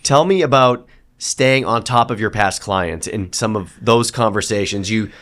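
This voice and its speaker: A man hosting an interview, asking questions in a measured, conversational way. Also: on the low side, a bit bright. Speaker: podcast host.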